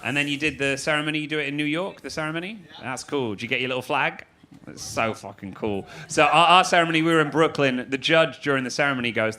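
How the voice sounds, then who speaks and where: A man's voice: a little high, quick pace. A man in his thirties from Manchester with a Mancunian accent, doing a stand-up set in a dry, sardonic way and chatting with the crowd. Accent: Mancunian English. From Manchester, England. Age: 30s. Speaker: stand-up comedian. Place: comedy club stage. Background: loud audience laughter and applause.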